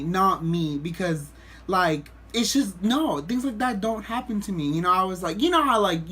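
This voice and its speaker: A man vlogging, telling a story to the camera in a rambling, animated way with lots of restarts. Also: fairly high pitch, a little hiss or hum.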